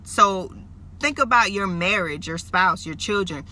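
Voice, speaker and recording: Earnest woman with a bright voice. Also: mid-range voice, measured pace, a little hiss or hum. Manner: earnest and emotional, addresses viewers as y'all. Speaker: vlogger. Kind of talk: faith-based personal talk to camera.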